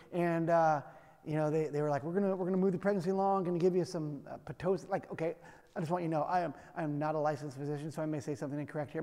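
A man's voice: a little high, warm tone, in a large hall. A man preaching a sermon in a conversational, emphatic way, with self-deprecating humor. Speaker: pastor.

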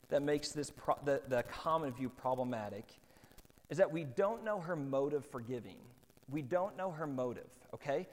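Casual preacher, slightly high voice, echoing hall. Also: male voice. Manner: casual, conversational preaching with many fillers. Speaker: pastor. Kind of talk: sermon.

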